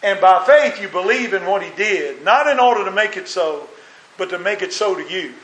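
A man's voice: high voice, animated, normal speed, a bit bright. A man preaching a sermon as a minister, earnest and full of rhetorical questions. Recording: roomy echo.

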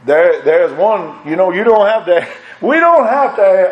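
A man's voice: sits high, very animated, normal speed. Impassioned preacher man in an echoey church. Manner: impassioned preaching cadence, swelling and dropping. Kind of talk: sermon.

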